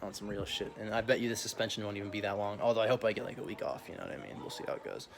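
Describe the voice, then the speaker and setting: A young male vlogger rants casually to camera, slangy and profane, laughing often. His voice is on the low side and creaky, delivered in rapid-fire bursts.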